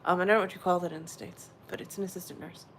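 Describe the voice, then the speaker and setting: A woman's voice: fairly low pitch, steady tone, very fast. Woman, livestream host, rambling casual chat, talks straight to viewers, faint background noise. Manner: chatty, rambling, answers viewers' chat directly.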